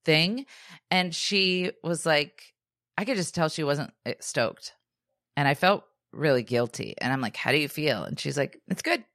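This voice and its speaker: A low-pitched woman co-hosting a podcast tells a story in an easy, chatty way and slips into the voices of the people she quotes, dropping "like" and "dude" all the time. The sound is close and completely dry, with no room echo. She sounds like she's in her thirties. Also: a little slow. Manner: animated, acts out quoted voices, says "like" and "dude" a lot. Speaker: podcast co-host. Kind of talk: casual storytelling chat.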